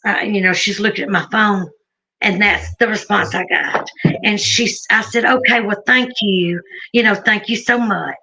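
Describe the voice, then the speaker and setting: Bright-voiced Southern woman telling a story. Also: medium pitch, normal speed, creaky, breathy edge, poor audio. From Alabama. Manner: chatty and rambling, laughing, talking to her dog. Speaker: guest telling her sighting story. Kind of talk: casual storytelling on a live stream.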